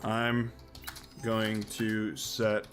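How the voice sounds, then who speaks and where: A man streaming a strategy game live, chatting and thinking aloud excitably as he plays. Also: fairly low pitch, drawn-out words, soft background music.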